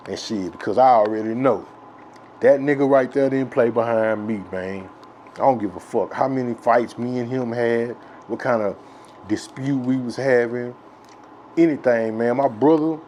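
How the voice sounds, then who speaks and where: A man from Texas telling a childhood story in a rambling, profane, filler-heavy way that grows loud and excited with laughs. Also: mid-range voice, slight background noise. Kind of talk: casual storytelling.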